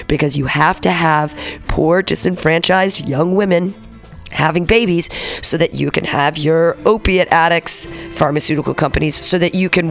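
High gravelly guy on a radio show, sarcastic and sweary, ranting over the headlines. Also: a bit bright. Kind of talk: news reading and ranting commentary.

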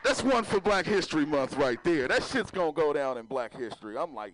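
A man's voice: fairly high pitch, animated, fairly quick, few pauses, low-quality recording. A man doing a stand-up comedy set, loose and swearing, talking straight to the crowd.

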